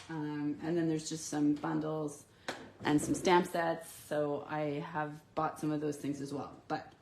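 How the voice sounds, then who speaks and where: A woman's voice: on the low side, a little mellow. A sick, congested woman chatting casually and rambling with lots of ums as she demonstrates papercraft products on a live stream from her home craft desk.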